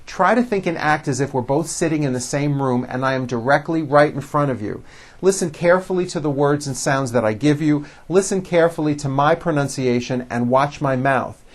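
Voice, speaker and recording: A man with an American accent teaching English pronunciation, speaking slowly and deliberately with very clear enunciation in a scripted talk to camera. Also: fairly high pitch.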